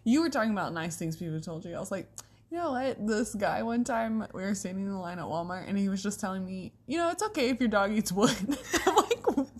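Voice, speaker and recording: A podcast co-host chats casually and laughs often as she talks, coming across as giggly. Her medium-pitched voice has a breathy edge, lively intonation, and a brisk pace.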